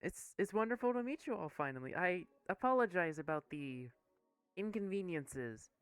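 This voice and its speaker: A man voicing a tiny, excited male monkey who works as a train conductor, in a high-pitched, eager and politely formal voice. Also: moderate pace, smooth, no room sound, soft background music.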